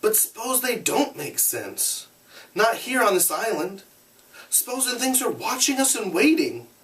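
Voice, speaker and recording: A man's voice: high voice, big pitch swings, measured pace, fairly bright tone, distant mic, pitched above the performer's own voice, exaggerated voice. A man reading aloud, voicing an earnest boy leader who worries and tries to keep order. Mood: earnest, urgent. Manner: earnest and urgent.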